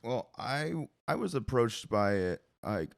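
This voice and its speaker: A man's voice: mid-range voice, sing-song, slow pace, creaky, no echo, clean studio sound. A man, a guest drummer, talking casually with frequent hesitations and restarts. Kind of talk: casual conversation.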